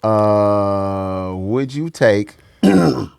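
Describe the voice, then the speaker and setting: A man's voice: on the low side, animated, extremely slow, vocal fry, a little mellow, clean tone, no echo, studio quality. A young man co-hosting a casual chat show, joking and teasing playfully. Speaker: podcast co-host.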